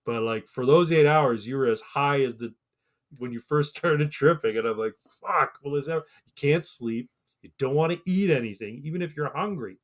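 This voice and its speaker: A podcast co-host in his thirties tells a rambling, profane story on a casual show, acting out the voices of the people involved. His voice is mid-range and moderately paced.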